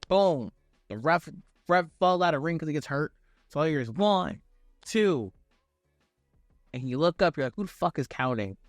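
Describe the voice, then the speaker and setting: A man's voice: on the high side, no room sound, clean studio sound. A young man giving a casual, profane, slang-filled review of a wrestling event as the channel's host.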